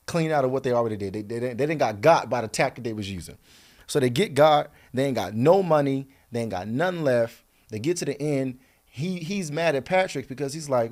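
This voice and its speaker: A man telling a story to the camera, casual and playful, with quick asides to the viewer. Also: a little high. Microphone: camera mic.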